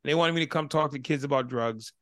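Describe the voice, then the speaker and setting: A man who is the guest on an interview podcast, telling stories in a casual, animated way and acting out both sides of each dialogue. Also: fairly high pitch, fast talker, dry recording, studio quality. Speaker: guest, motivational speaker.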